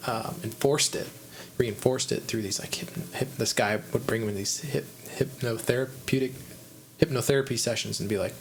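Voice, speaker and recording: A man hosting a podcast, chatting casually in a rambling, animated way with frequent restarts. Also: mid-range voice, normal speed, vocal fry, a little hiss or hum, low-quality recording. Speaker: podcast host. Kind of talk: casual conversation.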